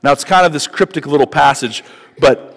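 A man's voice: a little high, brisk, fairly bright tone. Man preaching in an echoing hall. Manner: conversational with emphatic rising build-ups. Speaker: pastor. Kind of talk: sermon.

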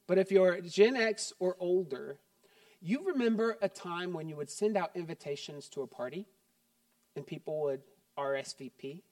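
At a moderate pace, a middle-aged male pastor with a high voice gives a sermon that starts chatty and jokey before growing quiet and earnest. A distant mic picks him up dryly, with no room sound.

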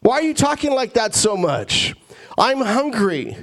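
A preacher voicing an impatient, hungry holiday dinner guest who whines in exasperation. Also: male voice, high-pitched, unhurried, pitched above the performer's own voice. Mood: exasperated. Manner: whiny, exasperated.

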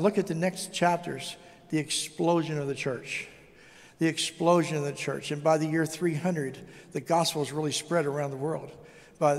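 A middle-aged man preaches in a large church, his voice sitting high. He is emphatic and repeats his key phrases. The sound rings with a long hall reverb. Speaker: guest preacher. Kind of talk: sermon.

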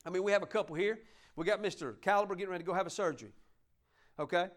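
High-voiced, folksy man preaching. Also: very fast. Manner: folksy, joking with the congregation, stumbles and asks for help. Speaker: pastor. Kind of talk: sermon.

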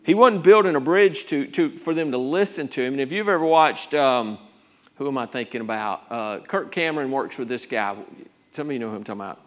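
A man's voice: mid-range voice, lively intonation, a little fast, fairly bright tone. A male pastor preaching a conversational sermon, rambling through restarts and rising to urgent emphasis.

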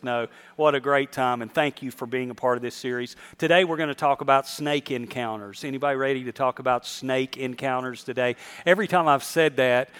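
A man's voice: mid-range voice, a little fast, few pauses, a bit bright, clean tone. A middle-aged man, a pastor telling a funny story from the pulpit to his congregation during a church service. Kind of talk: sermon.

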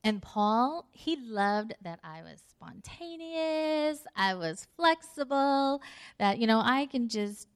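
A woman's voice: fairly high pitch, animated, takes it slowly, clean tone. A middle-aged woman giving a conversational sermon, telling a story with acted-out dialogue and laughter. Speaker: speaker.

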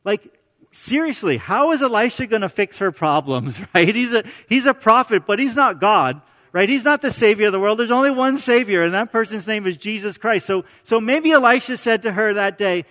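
A man with a notably high voice delivers a sermon in a loose, conversational way. He restarts phrases and tosses in quick "right?" check-ins. His voice carries a long reverb tail, as in a large sanctuary. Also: animated, pushed and bright. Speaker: preacher.

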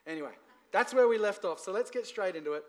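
A man preaching to a church congregation, lively, asking the room for responses. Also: high-pitched, fast. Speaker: pastor. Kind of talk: sermon.

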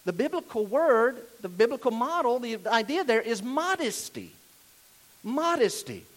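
High, lively Southern preacher man. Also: measured pace. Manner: direct, conversational, questioning the listeners. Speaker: pastor. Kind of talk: sermon.

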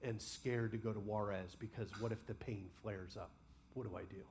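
A man preaching a sermon as pastor, passionately voicing honest prayers to God and then dropping to quiet, personal reflection. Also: fairly low pitch, fairly even intonation, moderate pace, slight background noise. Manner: impassioned, voices imagined prayers aloud.

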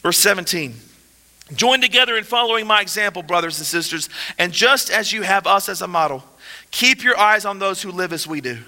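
High, bright-voiced man preaching in a hall. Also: expressive, brisk. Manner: impassioned, shifts between soft and emphatic. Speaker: pastor. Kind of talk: sermon.

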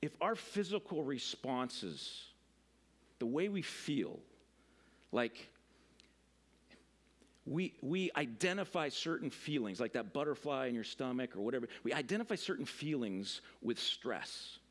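A man's voice: mid-range voice, very animated, a little slow, a bit bright. A middle-aged man, a pastor, giving a conversational sermon, full of fillers, restarts and asides to the congregation.

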